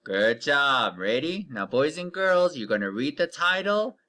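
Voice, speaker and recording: A man teaching young children to read in a recorded online lesson, stretching out each word slowly and giving patient step-by-step cues. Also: on the high side, very animated, sharp tone. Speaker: elementary reading teacher.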